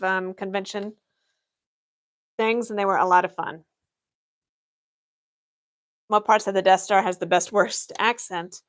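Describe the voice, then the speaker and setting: Woman streamer, dry deadpan office humor. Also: medium pitch. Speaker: livestreamer playing an Imperial office worker. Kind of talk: in-character livestream Q&A.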